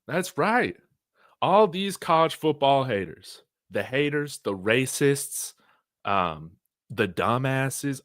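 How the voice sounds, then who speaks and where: A man hosting a college football fan livestream, talking in an excited, brash, trash-talking way. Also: mid-range voice, slow pace, no echo, clean studio sound.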